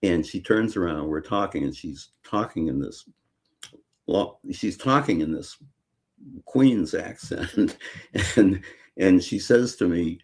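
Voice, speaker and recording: Older guy from chicago, deep voice, lots of uh and you know, relaxed interview chat. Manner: halting, many fillers and restarts. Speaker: guest author. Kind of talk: casual interview conversation.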